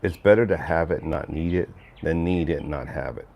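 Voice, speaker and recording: A man's voice: extremely low pitch, brisk, gravelly, highs cut off. A middle-aged man rambling casually on a livestream, reading chat messages aloud and answering viewers. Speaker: livestream host.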